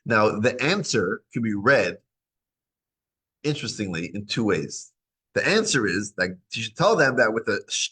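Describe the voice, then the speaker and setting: A man teaching a weekly Torah class, talking in a lively way, dropping low when musing and rising high and excited when urging. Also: normal speed, slightly rough. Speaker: rabbi teaching a parsha class.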